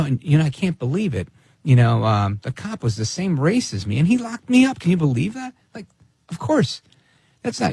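Animated, gravelly-voiced male radio host. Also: fairly low pitch, no echo. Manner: animated and sarcastic, mimics people in quoted asides. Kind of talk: opinionated radio commentary.

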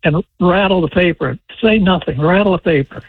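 A man in his seventies calling in to a talk radio show, telling his story in a halting, rambling way. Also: high-pitched, breathy edge, no echo. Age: 70s. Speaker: radio caller. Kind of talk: phone call to a talk show. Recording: tinny phone line.

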